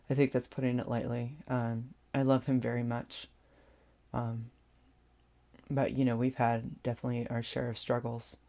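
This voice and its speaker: A vlogger telling a personal story in a hesitant way, with many pauses and restarts. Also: medium pitch, flat delivery, warm tone.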